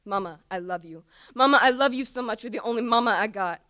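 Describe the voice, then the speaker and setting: A woman's voice: on the high side, fast talker, fairly bright tone, no room sound, clean studio sound. A teenage girl performing an impassioned, pleading slam poem with repetitive cries to her mother. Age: teens. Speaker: student poet.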